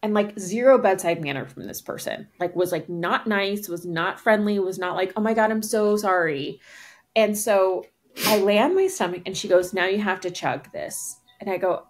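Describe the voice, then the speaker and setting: A woman's voice: medium pitch, normal speed, a little hiss or hum. A woman podcast co-host in casual chat, telling a story animatedly and acting out both sides of the exchange, with lots of "like" fillers. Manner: frequent "like" fillers.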